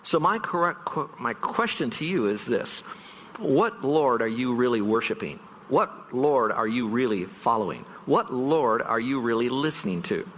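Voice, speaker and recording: A man's voice: mid-range voice, lively intonation, normal speed, fairly bright tone, big-room sound, a little hiss or hum. A man preaching a farewell sermon as pastor, earnest and emphatic, stretching out key words for stress. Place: church sanctuary.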